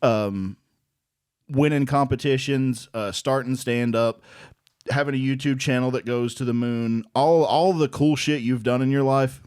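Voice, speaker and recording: Animated swearing man telling stories. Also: medium pitch, unhurried, smooth, dry recording, studio quality. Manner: animated storytelling, swears freely, laughs often. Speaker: aspiring comedian, co-host. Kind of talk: casual podcast chat.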